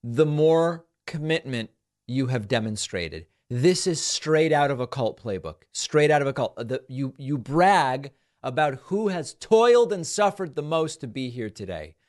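A man hosting a political commentary show, sarcastic and mocking as he talks over clips. His voice sits at an ordinary middle pitch. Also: lively intonation, unhurried, darkish tone. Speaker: political talk show host.

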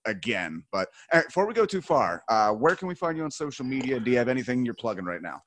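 A man's voice: mid-range voice, big pitch swings, quick pace, fairly bright tone, slight background noise. A man hosting a podcast in casual, jokey chat, rambling with playful outbursts. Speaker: podcast host.

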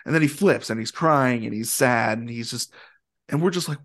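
A man telling a long story in a casual, animated way, with plenty of fillers and acted-out quotes. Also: medium pitch, moderate pace. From Indianapolis area, USA. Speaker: guest musician.

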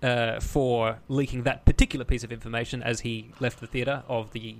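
A man's voice: mid-range voice, little pitch movement, moderate pace, creaky. A man co-hosting a podcast in casual chat, loose and profane, laughing often. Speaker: podcast co-host.

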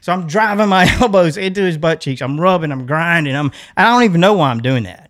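A middle-aged man with a drawl tells a story to his co-host, animated and quick to laugh. He jumps into the voices of the people in his story. His voice sits a little high for a man. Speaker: podcast co-host. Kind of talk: casual storytelling.

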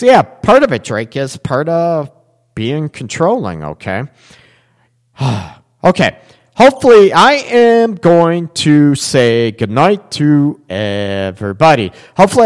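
A man's voice: mid-range voice, big-room sound. A man hosting a relationship radio show, talking bluntly in a rambling, casual way full of fillers.

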